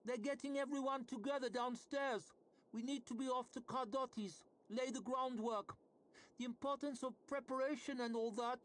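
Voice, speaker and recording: A man voicing a brisk, blunt young woman who talks in a hurry with her mouth full. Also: very high voice, flat delivery, pitched above the performer's own voice.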